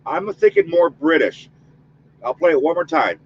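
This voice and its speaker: A man's voice: fairly high pitch, huge pitch swings, moderate pace, slightly rough, muffled recording. A man hosting a spirit-box session, chatting casually with his audience and leading a spoken protection prayer. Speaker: paranormal investigator host.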